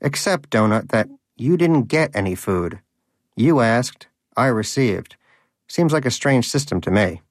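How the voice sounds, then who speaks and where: A man's voice: medium pitch, animated, measured pace, no room sound, studio quality. A man voicing a sarcastic, greedy male pet hamster in a storybook reading, with a mocking, theatrical delivery.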